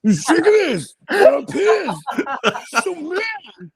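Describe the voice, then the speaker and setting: Man doing drunk whiny young guy, high strained shouting, drawn-out complaints. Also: huge pitch swings, exaggerated voice.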